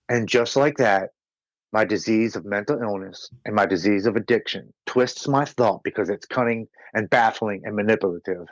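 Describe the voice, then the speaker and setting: A man's voice: fairly low pitch, normal speed, no echo, low-quality recording. An American man, a podcast guest, telling his recovery story in an earnest, emotional way, sometimes repeating words as he goes. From United States. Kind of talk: personal recovery story told in conversation.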